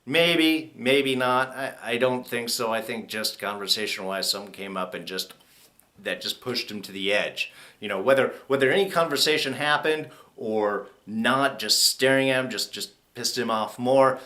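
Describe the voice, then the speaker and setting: Chatty man with a bright voice. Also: mid-range voice. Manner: chatty, acts out characters' lines in quick mock voices. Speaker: TV show reviewer. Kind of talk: casual spoken review.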